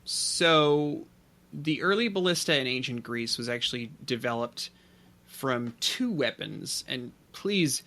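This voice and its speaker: A man's voice: medium pitch, lively intonation, slow, pushed and bright. A man co-hosting a casual podcast, explaining a topic at length with many fillers and restarts. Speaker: podcast co-host.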